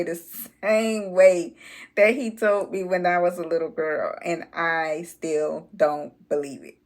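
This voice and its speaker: A woman telling a childhood story to her viewers in a relaxed, drawn-out way. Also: fairly low pitch. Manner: slow, drawn-out storytelling, addresses viewers as y'all. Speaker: channel host. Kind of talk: casual storytelling vlog.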